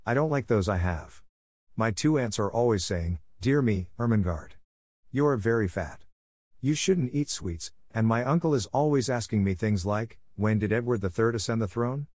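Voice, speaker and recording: A man's voice: fairly low pitch, animated, normal speed, a little mellow, dry recording, studio quality. A man reading an audiobook voicing a schoolgirl who talks frankly and reflectively.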